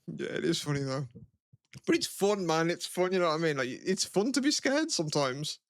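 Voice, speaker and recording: Young bloke, kinda high voice, rambly and laughy, dry sound. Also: male voice, big pitch swings, normal speed, fairly bright tone, no echo. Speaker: podcast co-host. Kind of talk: casual chat.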